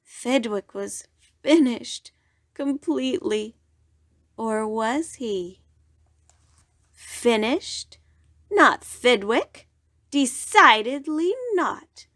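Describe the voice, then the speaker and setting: A woman storyteller reading a rhyming bedtime story aloud in an animated way. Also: high voice, extremely slow, pauses often, no echo, studio quality.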